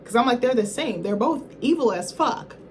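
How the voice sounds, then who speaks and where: A woman's voice: a little high, lively intonation, normal speed, slight background noise, poor audio. A woman vlogger giving a casual, rambling film review, swearing freely and acting out characters in quotes. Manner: chatty, profane, acts out characters in quotes; rambling, self-correcting, apologetic asides.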